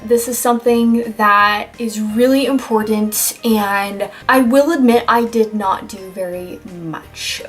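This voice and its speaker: A young woman talks through self-care tips in a loose, rambling vlog, joking at herself and swearing now and then. Her voice sits a little high. Faint music plays under her. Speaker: vlogger. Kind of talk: casual self-help vlog.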